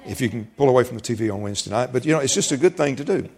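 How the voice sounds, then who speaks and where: A man's voice: medium pitch, expressive, rapid-fire, darkish tone. A man preaching a sermon as pastor, folksy, repeating words and rising for emphasis.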